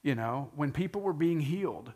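A man with a slightly raised pitch, speaking as a pastor in an earnest, preacherly conversation. He slows down to press home key phrases. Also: animated, dark tone. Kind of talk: conversational sermon-style talk.

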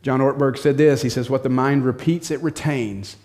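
A man's voice: mid-range voice, fairly even intonation, normal speed, a little mellow. Man preaching a direct, practical sermon. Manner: practical, direct, repeats short commands. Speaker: pastor.

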